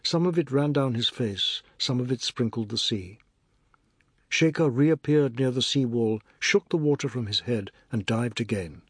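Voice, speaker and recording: A man reading a novel aloud as narrator, in a measured, even storytelling manner. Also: mid-range voice, slightly rough, no echo, studio quality. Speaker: audiobook narrator. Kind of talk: scripted narration.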